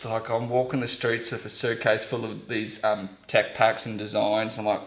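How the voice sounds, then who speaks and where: A man's voice: lowish voice, level tone, normal speed, roomy sound. A man with an Australian accent, telling a story in a casual interview, full of "like" and acted-out quotes. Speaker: guest.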